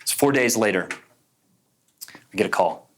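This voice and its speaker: Guy pastor w a lowish voice, chatty sermon storytelling, says like a lot. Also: animated, a little slow, slight background noise. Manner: conversational, frequent "like" fillers. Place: church gathering with tables.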